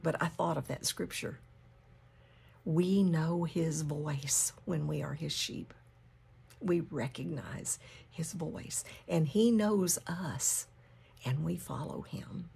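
Bible study teacher, a woman with a low, husky voice who whispers key lines. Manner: drops to a hushed whisper for emphasis; repeats key phrases slowly. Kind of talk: scripture reading and teaching.

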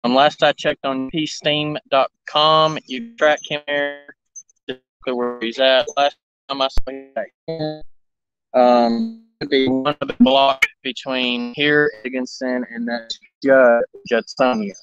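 A railfan livestreamer broadcasts from his cell phone next to railroad tracks, chatting casually and greeting viewers by name. His medium-pitched voice is slow and fairly even, and the lo-fi audio sits over music, background noise and running engines.

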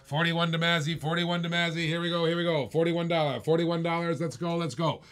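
A man calls bids on a live-stream auction, all hyped-up patter and playful teasing of the bidders. His voice sits a bit high for a man. He talks like a showman working a crowd. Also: steady tone, fairly quick, a bit bright. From Australia.

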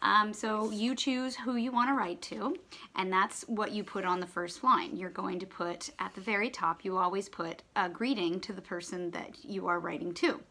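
Woman, primary teacher, bright voice, sounding out letters slowly, children's lesson at home. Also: mid-range voice, fairly even intonation.

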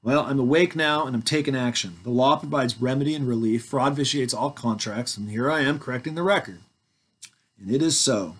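A man's voice: medium pitch, fairly quick, a bit bright, husky. Man in his forties reading legal papers aloud. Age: 40s. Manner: reads word by word, calling out punctuation, with asides to the audience.

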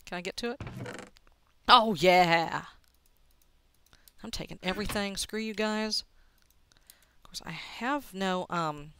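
Excitable woman muttering through a game. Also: medium pitch, normal speed, clear, resonant tone. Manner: excitable, swears often, mutters to herself. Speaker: gaming video host. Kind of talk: casual let's-play commentary.

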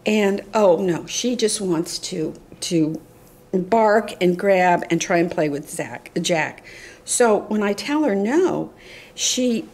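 A woman's voice: fairly low pitch, slightly rough. An older woman chatting casually to the camera, rambling and doting, often dropping to a whisper. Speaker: reborn doll collector vlogger.

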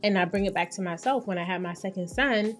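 A woman's voice: mid-range voice, quick pace. A woman, hosting a casual solo podcast as a therapist and talking candidly and playfully. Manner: candid, playful, acts out quoted voices.

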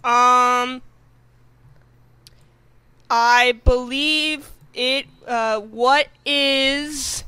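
A woman's voice: high voice, fairly even intonation, extremely slow, long pauses, pushed and bright, clear, resonant tone, no room sound. A woman playing as a quiz contestant, hesitant with many ums. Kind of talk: casual podcast chat.

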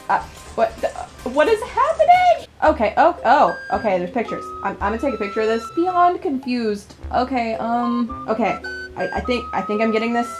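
A young woman streams a horror visual novel in a high, bouncy voice that swoops up and down. She startles easily and laughs through her commentary. She also chatters back at the on-screen characters. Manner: jumpy, laughs often, talks back to characters. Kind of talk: let's play commentary.

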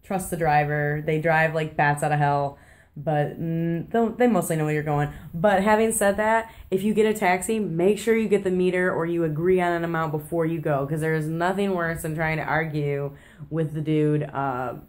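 A low-pitched American woman chats straight to camera in her apartment kitchen. Her talk is loose and self-deprecating, full of ums and little restarts, like a late-night confessional vlog. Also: fairly even intonation, moderate pace, a little mellow. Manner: chatty, self-deprecating, many fillers and restarts. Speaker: travel vlogger.

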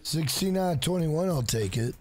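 A man's voice: fairly high pitch, expressive, normal speed, faint music behind. A man streaming a fighting game live, talking casually, swearing freely and trash-talking the opponent. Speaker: gaming streamer.

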